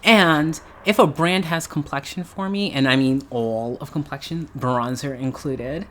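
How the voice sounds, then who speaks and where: A woman's voice: low-pitched, measured pace, hardly any pauses, fairly bright tone, a little hiss or hum. A middle-aged woman from New York talking casually in a vlog, chatty and emphatic, laughing often and repeating herself for effect. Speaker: beauty YouTuber.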